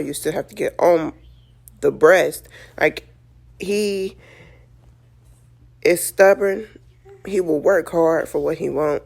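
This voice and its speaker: A new mother talks straight to the camera in a low, gravelly voice with a good deal of fry. She sounds exhausted and speaks candidly and loosely, leaning on "like" and "you know" as she works through her thoughts. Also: a little mellow. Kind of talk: casual talk to camera.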